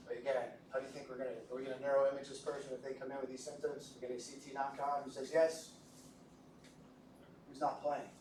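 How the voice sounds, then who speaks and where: A male instructor lectures a class in a relaxed, joking way and keeps asking his students questions. He sounds set back from the mic in an echoey room. A faint hiss runs under his voice. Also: mid-range voice, far from the mic. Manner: jokey, conversational, asks the class questions. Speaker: medical lecturer.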